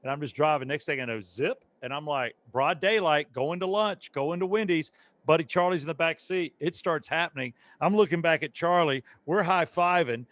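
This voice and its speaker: A middle-aged man, a guest comedian, telling bawdy stories in a brash, animated way. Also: on the high side, moderate pace, no room sound, muffled recording. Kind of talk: casual storytelling.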